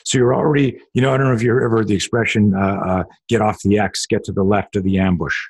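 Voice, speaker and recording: Middle-aged male self-defense instructor, husky voice, animated and profane interview storyteller. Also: lowish voice, quick pace.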